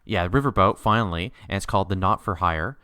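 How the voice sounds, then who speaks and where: A man co-hosting a podcast, chatting about a TV miniseries in an animated way, laughing often with sudden upward jumps in pitch. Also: a little fast, no echo, clean studio sound. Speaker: podcast co-host. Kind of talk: casual chat recapping a TV miniseries.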